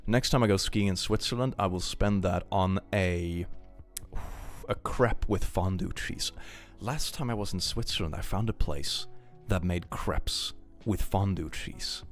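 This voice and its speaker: A man's voice: low-pitched, a little slow, faint music behind. A man from Sweden, chatting playfully on a live stream and reading out supporters' messages. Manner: playful, animated, jokey. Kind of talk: casual live-stream chat, reading donations.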